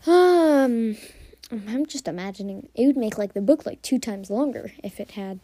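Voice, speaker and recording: A woman's voice: on the high side, animated, moderate pace, warm tone. A young woman hosting a solo podcast, rambling casually with lots of fillers and some whispered asides. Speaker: podcast host. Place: quiet room at home.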